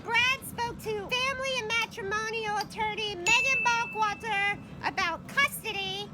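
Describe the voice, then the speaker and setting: A man voicing a chipper male groundhog puppet who gushes giddily over his hero. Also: very high-pitched. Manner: gushing and giddy. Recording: loud background noise with traffic.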